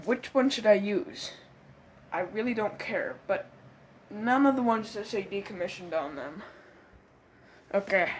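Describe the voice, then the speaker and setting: A woman performing a comedic skit, voicing quarrelling characters with cursing, yelps and shouting outbursts. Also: mid-range voice, unhurried, long pauses, a little hiss or hum.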